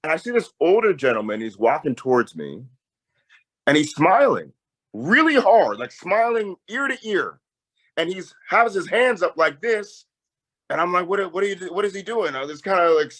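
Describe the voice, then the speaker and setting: Animated man telling a story. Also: on the high side, moderate pace, rough recording. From Tacoma, Washington. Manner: animated storyteller, voice jumps up when excited. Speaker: peace campaigner, interviewee. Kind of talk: storytelling in conversation.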